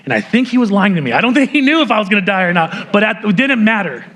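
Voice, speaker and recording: A pastor giving an earnest testimony in a sermon, telling a personal story with light laughs and frequent restarts. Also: male voice, high-pitched, lively intonation, quick pace, few pauses, fairly bright tone. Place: church sanctuary.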